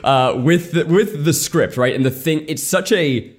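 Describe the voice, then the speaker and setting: A man's voice: on the high side, a little slow. A man co-hosting a podcast, talking casually in a wry, sarcastic way and laughing often. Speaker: podcast co-host. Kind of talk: casual chat.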